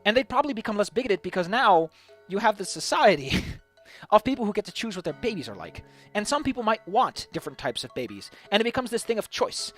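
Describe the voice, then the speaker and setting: A man's voice: high voice, very animated, brisk, fairly bright tone, faint music behind. A man musing aloud in a casual, rambling monologue about tabletop game ideas, stumbling over repeated words as he goes. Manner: rambling, many repeated restarts. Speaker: tabletop game video host.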